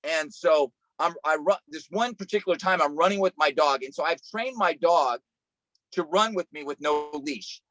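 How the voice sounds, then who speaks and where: Over a video call, a pastor delivers a sermon in an earnest, storytelling style, often circling back and restarting his phrases. His voice is somewhat high for a man and a bit bright. The rough recording sounds close and dry, with no echo or room around it.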